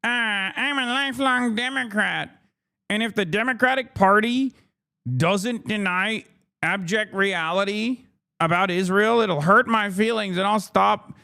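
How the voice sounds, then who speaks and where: A petulant grown man whines in a high, nasal sing-song, pouting over hurt feelings, as a streamer mocks him in a raised voice. The voice sits well above his normal register and sounds a bit off-mic. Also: measured pace, gravelly, sharp tone, clean tone, heavily acted. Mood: mocking whine. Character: whiny self-pitying grown man voter.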